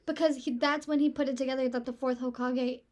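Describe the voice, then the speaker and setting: Woman co-host, high voice, chatty casual retelling. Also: steady tone, fast, a little mellow. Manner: chatty, acts out quotes in retelling. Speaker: podcast co-host. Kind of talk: casual chat.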